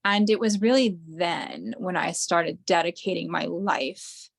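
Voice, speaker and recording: A middle-aged woman from the United States, a podcast guest telling animated stories full of fillers and acted-out quotes. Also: fairly low pitch, measured pace, gravelly, dry recording, clean studio sound. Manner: animated, acts out quoted voices, many fillers. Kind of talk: storytelling in an interview.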